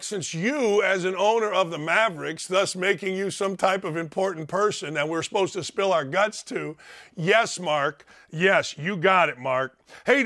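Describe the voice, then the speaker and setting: A man hosting a sports talk show in a high-pitched voice. His tone is bright and sharp. He rants sarcastically and mocks with loud bursts. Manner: sarcastic, mocking, loud outbursts, frequent laughing asides.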